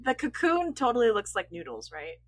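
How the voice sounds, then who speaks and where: Lively, breathy-voiced woman co-host. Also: a little high, fairly quick. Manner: giggly, animated, asks questions. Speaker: podcast co-host. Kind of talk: casual film commentary chat.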